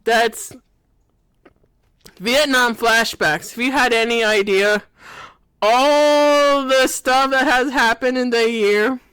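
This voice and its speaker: Giggly high-voiced woman rambling slowly. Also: fairly bright tone, clean tone, no echo. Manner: giggly, laughing through her words, self-deprecating. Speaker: video creator. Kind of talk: rambling comic monologue.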